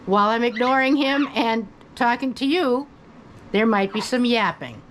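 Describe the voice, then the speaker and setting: A woman's voice: on the high side, expressive, moderate pace, a bit bright, slight background noise, poor audio. Chatty older woman giving folksy advice. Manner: chatty and folksy, talks to her bird in between. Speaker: parrot owner and channel host. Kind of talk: casual advice talk. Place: indoors at home, by her bed.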